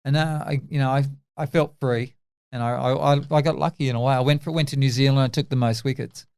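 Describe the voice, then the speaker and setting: A man in his fifties with an Australian accent, a former test cricketer telling animated stories in an interview and acting out the dialogue. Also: medium pitch, quick pace, gravelly, clear, resonant tone. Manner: animated anecdotes, acts out quoted dialogue. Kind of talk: casual interview storytelling.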